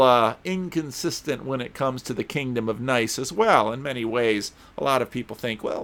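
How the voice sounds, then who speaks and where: A man's voice: medium pitch, animated, normal speed, hardly any pauses, a bit bright. A man giving a conversational sermon, reading scripture aloud and breaking off for wry, casual asides, with occasional stumbles and restarts. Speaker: preacher.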